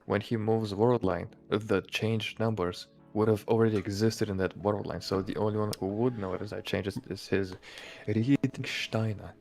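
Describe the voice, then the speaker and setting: A man with a lowish voice jokes through a casual conversation, laughing often and swearing freely. Soft music sits faintly behind him. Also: steady tone, normal speed, vocal fry. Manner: laughing, profane banter. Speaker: co-host. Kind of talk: casual chat.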